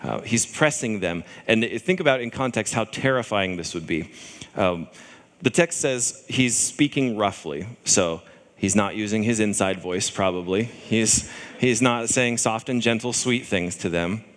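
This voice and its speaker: A man's voice: lowish voice, expressive, unhurried, a bit bright, big-room sound. A man preaching a sermon in a conversational way, often acting out the voices of people in scripture.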